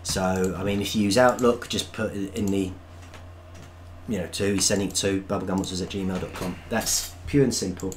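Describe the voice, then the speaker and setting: A man's voice: low-pitched, steady tone, fairly quick, slight background noise. A man co-hosting a live stream, reading out viewer comments in a casual, hesitant way with many ums. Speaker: co-host reading chat.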